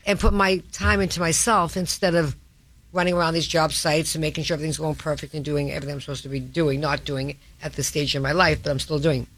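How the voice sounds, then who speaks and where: A woman's voice: sits low, flat delivery, fast. A woman with a Boston North Shore accent hosting a talk radio show, blunt and emphatic in casual chat. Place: radio studio.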